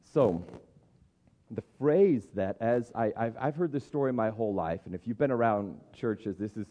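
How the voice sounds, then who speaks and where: A man's voice: medium pitch, animated, moderate pace, warm tone, big-room sound. A man in his thirties preaching a conversational sermon as a pastor, thinking aloud with frequent restarts.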